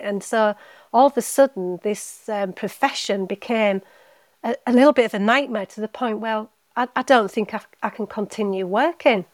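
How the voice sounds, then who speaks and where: A woman's voice: mid-range voice, dry recording. Woman telling a heartfelt story. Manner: heartfelt, halting with repeated words. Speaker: podcast guest. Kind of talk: emotional personal story in casual chat.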